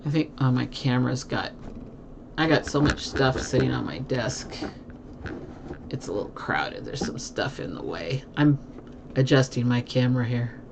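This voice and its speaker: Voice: medium pitch, moderate pace, vocal fry, background noise. A live streamer chatting casually with viewers from a home desk, laughing often.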